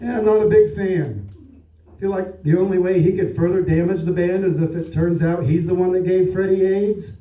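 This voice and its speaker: A man's voice: high voice, fairly even intonation, moderate pace. Dry-voiced male comic in an echoey room. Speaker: stand-up comedian. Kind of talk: stand-up set. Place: comedy stage at a winery. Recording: echoey room, distant dull mic.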